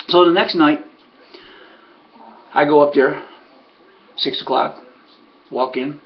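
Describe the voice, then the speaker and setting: A man's voice: a little high, slow pace, long pauses, lo-fi sound. A man who trains harness racehorses tells a story in a rambling way, full of "you know" and restarts. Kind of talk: casual spoken storytelling.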